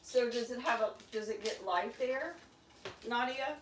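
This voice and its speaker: A woman hosting a live stream at home, chatting casually with viewers and coaxing her pet birds in a high sing-song voice. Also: unhurried. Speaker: livestream host with pet birds. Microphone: phone on a small tripod. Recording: echoey room, far from mic, noisy.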